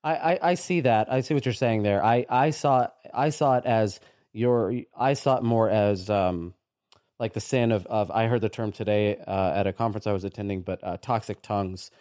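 A man co-hosting a podcast in casual discussion, halting and often restarting, but agreeable. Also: fairly low pitch, a little mellow, no echo, clean studio sound. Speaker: podcast co-host.

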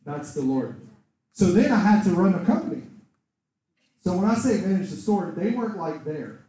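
A man preaching and telling his own story in a mellow, fairly high voice. He tells it in an animated way, the words ringing out through a very echoey room. The mic sits well away from him. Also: a little fast, recorded from a distance. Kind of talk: sermon with personal testimony.

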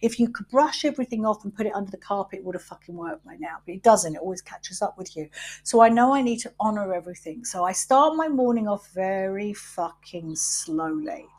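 A middle-aged woman hosting a podcast, talking candidly about her wellbeing routines, unhurried and reflective, swearing freely. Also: mid-range voice, animated, a little mellow. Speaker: podcast host.

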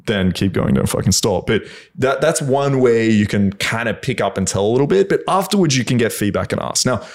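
A man's voice: mid-range voice, expressive, fairly quick. A man co-hosting a casual podcast, giving frank advice in a blunt, instructive way and swearing often.

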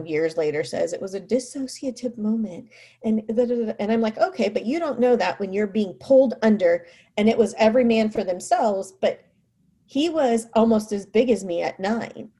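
With a husky, mid-range voice, a woman recounts something that happened to her as a mother, in a relaxed style. She animatedly performs the quoted dialogue and leans heavily on fillers like "like" and "you know."

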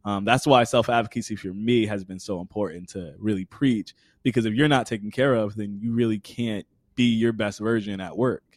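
A man's voice: fairly low pitch, a little fast, hardly any pauses, no room sound. Earnest young man giving advice. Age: 20s. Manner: earnest, explains with everyday examples. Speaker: podcast guest. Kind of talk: conversational interview.

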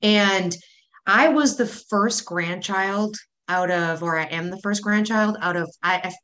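Bright-voiced woman with a Wisconsin accent. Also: medium pitch, slow. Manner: chatty, laughs easily. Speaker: podcast co-host. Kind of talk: casual chat.

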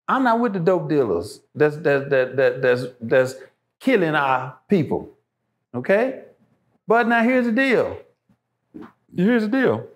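A man, a show guest, talking passionately and emphatically, repeating phrases to drive his points home. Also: high-pitched. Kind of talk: impassioned casual talk.

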